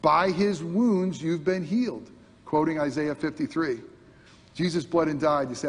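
A man preaching a sermon to his congregation, asking rhetorical questions and swinging between loud emphasis and quiet intensity. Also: on the high side, a little slow. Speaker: pastor. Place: church sanctuary. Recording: long hall reverb.

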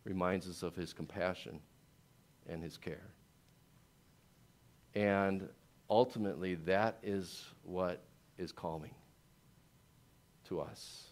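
Man preaching in church, goes real quiet and slow then ramps way up loud. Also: fairly low pitch. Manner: swings between hushed, slow lines and loud, rising peaks. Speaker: pastor. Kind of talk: sermon.

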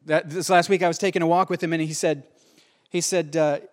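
A man's voice: a little high, fairly even intonation, a little fast. A man preaching a sermon in an earnest, conversational way, often repeating his phrases for emphasis. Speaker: pastor.

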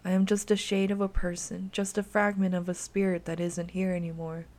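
A woman voicing the gentle ghost of a young girl, speaking softly and calmly to reassure. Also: lowish voice, brisk, close to an everyday voice. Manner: soft, calm, reassuring.

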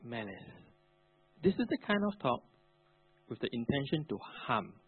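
A man's voice: mid-range voice, big pitch swings, normal speed, breathy edge. A male pastor preaching a sermon, emphatic with colloquial asides. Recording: narrow phone-like, dry.

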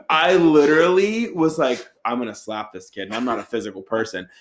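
Fairly quick and at medium pitch, a man tells friends a wild story in a casual, profane, animated style. The quoted lines get acted out, his voice leaping widely between them.

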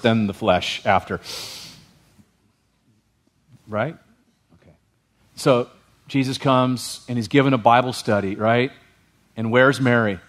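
A male pastor giving a sermon in a lively, humorous way, often checking in with the congregation. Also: medium pitch.

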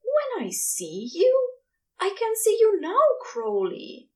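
A woman's voice: very high-pitched, wildly swooping pitch, slow pace, recorded from a distance, voice pushed up, heavily acted. A woman voicing an anxious, fussy male angel who speaks in a prim, old-fashioned way. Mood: worried.

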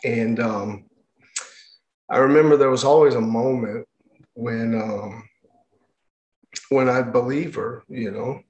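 Man, mid-pitched, halting testimony full of pauses and restarts, roomy room sound. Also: steady tone, darkish tone, lo-fi sound. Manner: halting, with many restarts and fillers. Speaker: speaker sharing his life story. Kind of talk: personal testimony. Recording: roomy echo.

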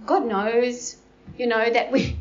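High-voiced woman preaching animatedly. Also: slow pace, dull audio. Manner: animated, acts out Bible characters. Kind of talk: informal Bible teaching. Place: small group gathering indoors.

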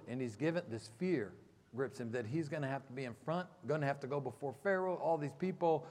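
A man preaching a sermon as a pastor, telling the story with lively acted-out voices and checking in with the congregation. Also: fairly high pitch, a little fast. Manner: animated storytelling, acts out quoted voices, checks in with "okay?". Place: church sanctuary. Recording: long hall reverb.

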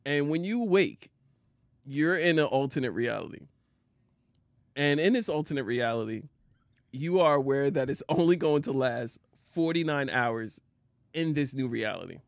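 A man's voice: mid-range voice, lively intonation, moderate pace, gravelly, long pauses, dry recording, studio quality. A man co-hosting a casual chat show, teasing his partner and laughing often. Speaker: podcast co-host.

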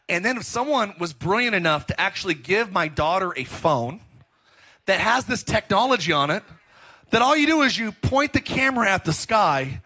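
High-voiced animated male pastor. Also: moderate pace. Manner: animated, joking storytelling with laughs. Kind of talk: sermon.

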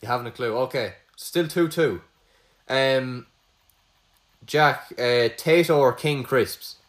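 A man's voice: mid-range voice, slow pace. A young Irish man running a casual quiz between friends, teasing and swearing freely. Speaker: quizmaster. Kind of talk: casual chat.

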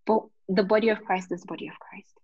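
Female guest from Nigeria, warm and animated, dry close audio, a bit dull. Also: mid-range voice, quick pace, husky, dry recording. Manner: warm, laughing, animated storytelling. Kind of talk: casual video-call interview. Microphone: video call.

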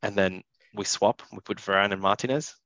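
A man's voice: lowish voice, fairly even intonation, brisk, a bit bright, no echo, dull audio. A young man co-hosting a casual football podcast, blunt and opinionated, tripping over repeated words when he gets going. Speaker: podcast co-host. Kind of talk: casual chat.

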